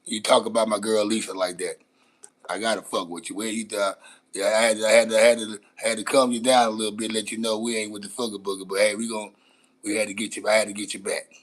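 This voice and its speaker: A man's voice: lowish voice, flat delivery, fast. A man with a Los Angeles accent hosting a casual live-stream chat, teasing his viewers in brash, profane banter. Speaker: host.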